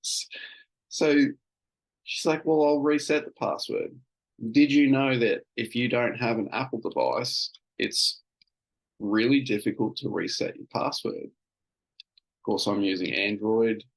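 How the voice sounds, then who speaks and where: A man's voice: fairly low pitch, slow pace, creaky, long pauses, poor audio. A man hosting a casual solo podcast, telling an everyday story in a rambling, self-amused way with plenty of fillers and restarts. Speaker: podcast host.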